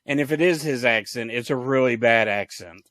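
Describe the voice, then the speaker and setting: A man's voice: mid-range voice, moderate pace, fairly bright tone, no room sound, studio quality. A man co-hosting a movie podcast in casual chat, rambling through a plot recap with restarts and amused laughs. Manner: rambling, trails off and restarts, laughs at bad lines. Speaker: podcast co-host.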